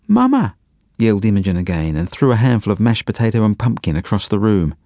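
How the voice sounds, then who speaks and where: A man narrating a children's audiobook in an expressive, playful way. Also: fairly low pitch, fast talker, no room sound, studio quality. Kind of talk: storybook narration.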